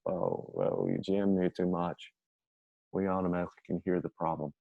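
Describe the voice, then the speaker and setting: A man runs a casual grammar lesson in a chatty, energetic way, thinking aloud as he works through the examples. His voice sits low with a gravelly edge. The tone is dark and mellow, and the sound is close and dry. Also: fairly quick, dry recording, poor audio. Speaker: teacher.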